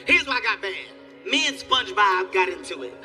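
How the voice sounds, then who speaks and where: A man doing a stand-up comedy set, telling animated stories and acting out the people in them. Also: high voice, a little fast, far from the mic, faint music behind. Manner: animated storytelling, acts out characters, yelling bits. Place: theater stage before a live audience.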